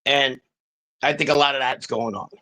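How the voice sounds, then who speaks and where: A man's voice: mid-range voice, steady tone, normal speed, sharp tone, rough recording. A man on a casual podcast, talking in a profane, rambling street style. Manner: profane, rambling street talk with mocking impressions. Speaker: guest.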